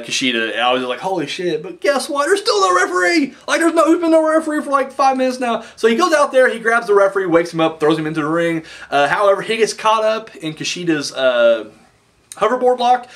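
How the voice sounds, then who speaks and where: Brief: young man, animated bright voice, rambling excitable recap. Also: fairly high pitch. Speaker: wrestling show reviewer. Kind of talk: casual recap chat.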